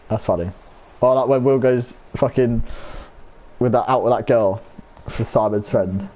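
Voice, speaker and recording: A young man streaming a football game, casually retelling comedy scenes, swearing often and jumping into high squeaky voices for the lines he quotes. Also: animated, normal speed, pauses often, mellow.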